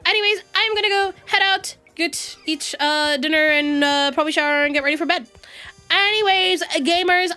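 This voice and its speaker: A young woman chatting on a live stream, her voice high and bright. She sounds excitable and swears freely, and faint music plays behind her. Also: moderate pace. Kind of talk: casual live-stream chat.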